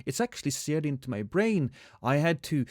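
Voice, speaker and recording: A man's voice: a little high, very animated, moderate pace, a little mellow, no echo, studio quality. A man co-hosting a gaming podcast, chatting casually in a laid-back, rambling way and laughing often. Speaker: podcast co-host. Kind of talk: casual chat.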